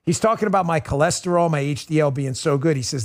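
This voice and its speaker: High-voiced man ranting as talk host. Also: fast, hardly any pauses. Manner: mocking, animated ranting with sarcastic impressions. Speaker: show host. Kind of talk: political talk show monologue.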